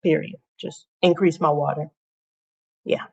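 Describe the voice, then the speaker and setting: A chatty woman talking casually to viewers on her own livestream, often saying things twice for emphasis. Her voice sits on the lower side, and the audio is a bit dull and lo-fi. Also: measured pace. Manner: chatty, repeats phrases for emphasis. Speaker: teacher and livestream host.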